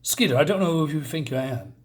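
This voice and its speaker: A man's voice: a little high, animated, fast talker, close to an everyday voice. A man voicing an earnest, resolute adult male superhero in dramatic inner monologue.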